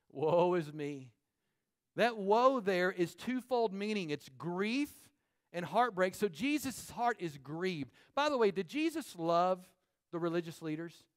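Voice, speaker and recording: Speaking from a church sanctuary, the pastor, a man whose voice sits high, preaches a lively sermon and slips in fast asides to the people in the pews.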